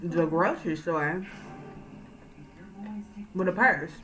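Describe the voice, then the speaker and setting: A woman's voice: fairly low pitch, expressive, slow, music in the background, rough recording. A woman casually retelling a true crime story in a chatty, conversational way, with fillers. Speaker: storyteller, channel host.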